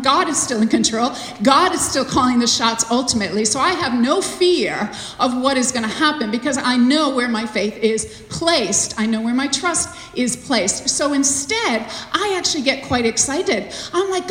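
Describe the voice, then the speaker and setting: A woman preaching as a visiting speaker, chatty and animated, with many fillers. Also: sits high. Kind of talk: sermon. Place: large cold church hall. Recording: echoey hall from a distance.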